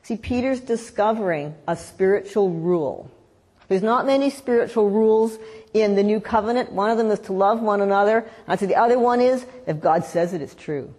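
A woman preaching a sermon, telling a story in a lively way and acting out the voices in it. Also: mid-range voice, a little fast. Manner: animated storytelling, acts out voices in quotes. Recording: long hall reverb.

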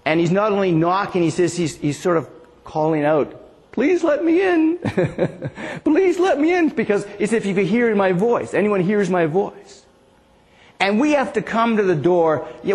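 A man delivers a sermon in an earnest, chuckling manner. His voice sits high for a man, and he slips into a gentle, pleading tone when quoting Jesus. The sound rings with the long reverb of a large hall. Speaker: preacher.

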